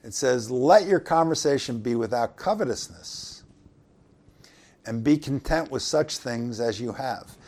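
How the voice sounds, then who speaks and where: A man's voice: mid-range voice, lively intonation, measured pace, a little mellow. A man preaching a sermon, reading scripture and explaining it in a conversational way, asking questions of his listeners. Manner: conversational, asks the congregation questions.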